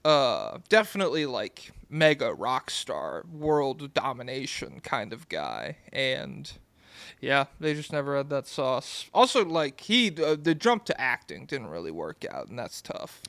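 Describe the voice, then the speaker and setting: Young male podcast co-host, rambling and laid-back, smooth voice, dry close-miked sound. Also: medium pitch, huge pitch swings, measured pace, a bit bright, no room sound. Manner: rambling, laid-back, swears and giggles often. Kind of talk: casual chat.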